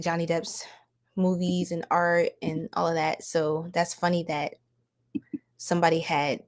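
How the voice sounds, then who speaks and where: A woman giving a casual livestream tarot reading, laughing often and chatting with viewers. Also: mid-range voice.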